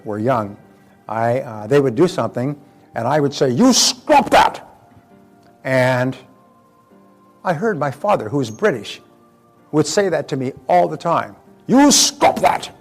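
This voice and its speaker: A man's voice: medium pitch, normal speed, darkish tone, faint music behind. Older man giving a motivational talk. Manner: conversational, anecdotal, with repeated words and fillers. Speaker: motivational speaker.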